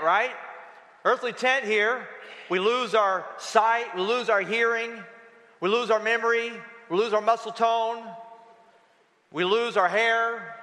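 High bright-voiced preacher in a hall. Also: male voice. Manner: expressive preaching with playful storytelling asides. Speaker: pastor. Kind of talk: sermon.

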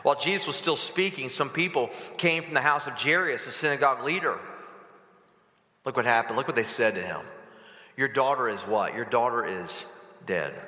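A pastor preaching a sermon to his church with dramatic delivery, swinging from loud urgent pleas to hushed low tones. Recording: echoey hall reverb.

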